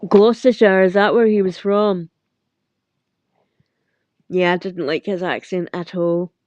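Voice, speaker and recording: A woman's voice: on the low side, steady tone, unhurried, a little mellow, no room sound. A middle-aged Scottish woman hosting a casual livestream chat, rambling with lots of fillers and frequent laughs. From Scotland. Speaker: livestream host. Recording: dull lo-fi sound.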